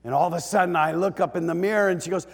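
A middle-aged man preaching a sermon, animated and emotional, swinging from hushed lines to shouts with joking asides. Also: sits high, very fast, breathy edge. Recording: echoey church hall.

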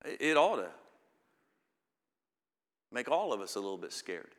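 A middle-aged man preaching a sermon, reading scripture slowly and building to loud, emphatic peaks. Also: medium pitch, big pitch swings. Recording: long reverb of a hall.

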